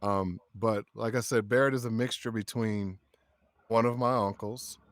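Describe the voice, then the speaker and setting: A man, a voice actor guest, chatting on a livestream and telling lively stories with frequent laughs. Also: fairly low pitch, moderate pace, no echo, clean studio sound. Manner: animated storyteller, laughs often. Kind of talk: casual livestream chat.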